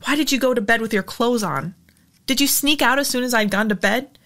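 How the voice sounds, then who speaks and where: A woman's voice: a little high, fairly quick, creaky, fairly bright tone. Woman voicing anxious mother, insistent, questioning, audiobook character. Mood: demanding. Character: anxious demanding mother, middle-aged woman.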